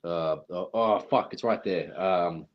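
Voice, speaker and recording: A man's voice: low voice, slow, dull audio. A man casually chatting on a call, rambling and swearing a lot while teasing his co-host. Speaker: podcast co-host. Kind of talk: casual chat. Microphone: headphones.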